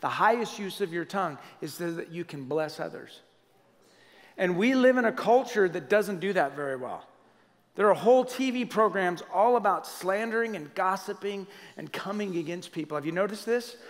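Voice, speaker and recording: A middle-aged pastor with a slightly high voice preaching in a lively, conversational way, throwing questions out to his congregation. His sermon rings through a hall with a long reverb tail. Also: moderate pace. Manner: conversational, animated preaching with audience asides.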